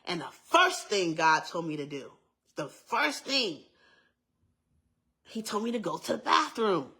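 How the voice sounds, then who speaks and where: A woman's voice: fairly low pitch, very animated, measured pace, pushed and bright. A young adult woman giving an earnest, emphatic personal testimony in a casual way, repeating herself and adding asides. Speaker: vlogger sharing a testimony.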